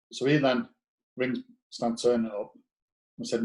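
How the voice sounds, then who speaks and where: A man's voice: mid-range voice, flat delivery, measured pace, pauses often, low-quality recording. A man, a former footballer appearing as a guest, telling stories in a blunt, profane way and acting out quoted dialogue. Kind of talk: casual anecdotal storytelling.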